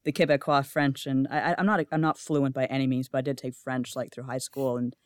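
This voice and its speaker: A woman's voice: a bass voice, level tone, fairly quick, dry recording, clean studio sound. A woman guest on a podcast in casual chat, eager and talkative, telling long anecdotes with stumbles and restarts. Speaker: guest, freelance writer.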